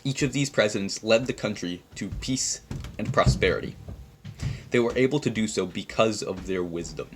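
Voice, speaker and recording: A man with a fairly low voice delivers a prepared, formal speech. His reading is measured and declarative, each point set down plainly. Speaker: speaker giving a prepared speech. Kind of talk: read-aloud formal speech.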